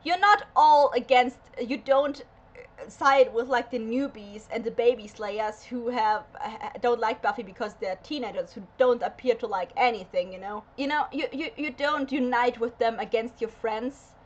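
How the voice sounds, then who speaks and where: A woman's voice: on the high side, normal speed, lo-fi sound. A woman hosting a reaction video, ranting emphatically with lots of swearing and fillers. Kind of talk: casual rant.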